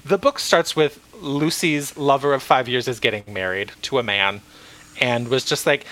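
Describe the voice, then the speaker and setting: A man hosting a casual book discussion, retelling the plot in an animated way with frequent laughs and some swearing. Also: medium pitch, a little fast, poor audio. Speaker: podcast host.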